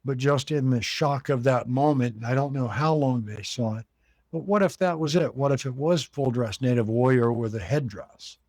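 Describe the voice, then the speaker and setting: The owner of a haunted cabin, an American, delivers a long story as a guest in an interview. His mid-range voice is a little mellow and moves at normal speed with no echo, and he voices the other people when recounting their conversations.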